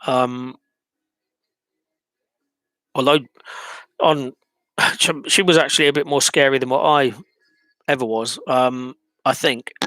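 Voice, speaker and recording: Man, mid pitch, halting and reflective, lots of ums, dry close recording. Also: steady tone, pushed and bright, dry recording. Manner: hesitant, many ums and restarts, reflective. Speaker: vlogger. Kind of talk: personal monologue.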